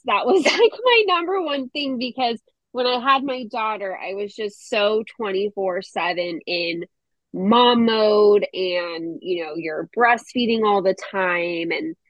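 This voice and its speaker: A woman's voice: medium pitch, a little slow, no echo, lo-fi sound. A woman guest on a podcast, a mother, talking in an earnest, reflective way and laughing easily. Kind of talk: casual podcast conversation.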